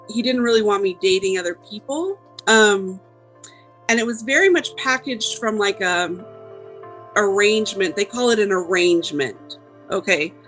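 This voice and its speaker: A woman's voice: medium pitch, a bit bright, rough recording. Chatty woman telling her story. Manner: casual, many "like" fillers. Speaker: guest. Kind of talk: personal testimony.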